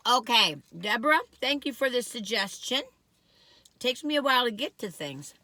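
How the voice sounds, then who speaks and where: A woman's voice: fairly high pitch, lively intonation, moderate pace, pushed and bright, no echo. A chatty woman vlogging a food taste test, rambling as she eats and laughing often. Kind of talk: casual chat.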